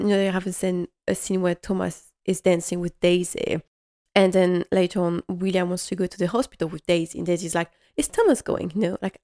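A woman's voice: mid-range voice, a little mellow. A woman host chatting casually and enthusiastically through a TV episode recap, rambling with many fillers. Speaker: podcast host.

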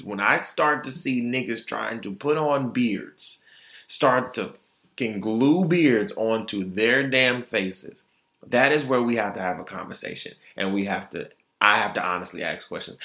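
A man's voice: normal speed, gravelly. A man hosting his own podcast, giving an opinionated, exasperated casual monologue. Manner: animated, exasperated, swings pitch up high in mock disbelief. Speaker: podcast host. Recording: echoey room.

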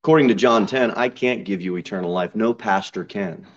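In a slightly dull recording from a church sanctuary, a man delivers a sermon a little fast, his voice slightly muffled. The pastor reads scripture aloud and preaches emphatically, climbing to loud high peaks.

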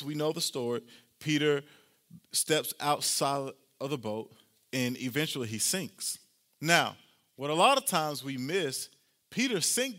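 A male pastor giving a lively, conversational sermon, using casual slang as he preaches to his congregation. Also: a little high.

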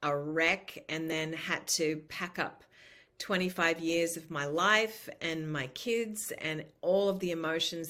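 Candid Australian woman with a faint American lilt. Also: low voice. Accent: Australian with a slight American lilt. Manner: candid and animated, with frequent restarts and laughter. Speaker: guest. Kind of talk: casual conversational interview.

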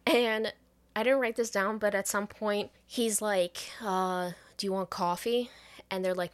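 A woman's voice: medium pitch, moderate pace. A woman podcast co-host retelling a movie plot in casual chat, swearing freely and quoting characters as she goes. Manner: profane, animated recap with quoted voices.

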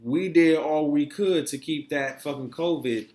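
Animated profane man ranting in an echoey room. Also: fairly high pitch, measured pace. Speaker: podcast co-host. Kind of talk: casual chat.

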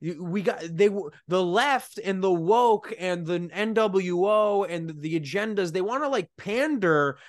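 A man hosting a podcast, talking casually and with animated, mocking asides. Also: high voice, unhurried, few pauses, no room sound, studio quality. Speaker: podcast host. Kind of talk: podcast conversation.

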